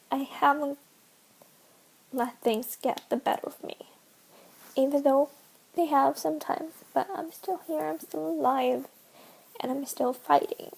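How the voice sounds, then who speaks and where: A woman in her twenties vlogging to camera in an earnest, emotional way, speaking haltingly and often dropping to a whisper. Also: high-pitched, vocal fry, darkish tone, low-quality recording. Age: 20s. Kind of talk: personal vlog, talking to camera.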